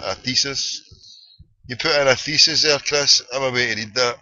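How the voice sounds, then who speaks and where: A man's voice: mid-range voice, a little fast, bright, forceful tone, no room sound. A Scottish man hosting a late-night internet radio show, ranting and joking in slangy banter. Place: small cold room at home. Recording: dull lo-fi online radio stream.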